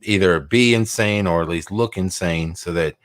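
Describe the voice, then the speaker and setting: A man's voice: low voice, moderate pace, no echo, clean studio sound. A man hosting a call-in show, skeptical, cutting in to sum up what the caller says. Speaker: talk show host.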